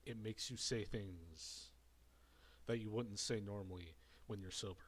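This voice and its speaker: A man's voice: on the low side, measured pace, husky. A man giving casual, rambling commentary, repeating himself, a little out of breath after a drink. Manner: rambling and repetitive. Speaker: commentary streamer.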